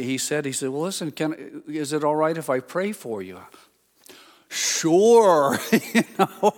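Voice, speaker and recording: A man's voice: on the high side, big-room sound. Man telling a story from a church pulpit. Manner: chatty storytelling, excitable. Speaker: pastor. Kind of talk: sermon.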